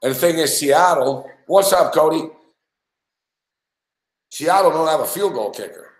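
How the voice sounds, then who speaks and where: A man's voice: fairly high pitch, animated, unhurried, echoey room, rough recording. A man hosting a sports talk show, telling a rambling, profane story with laughs and restarts. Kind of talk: casual storytelling chat.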